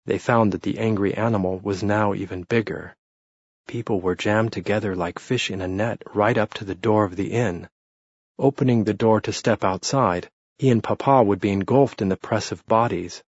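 A man narrating an audiobook in a steady, measured storytelling manner, close to the mic. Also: fairly low pitch, husky, no echo, dull audio. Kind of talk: scripted narration.

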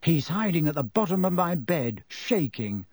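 A hot-headed schoolboy, voiced by a man, snaps out blunt, angry lines. The voice swings widely in pitch and sits a bit above a typical man's. It is read close and dry, like a storybook character. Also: very animated, moderate pace, a little mellow, dry recording. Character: hot-tempered teenage boy, sulky and protective. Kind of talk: audiobook character voice.

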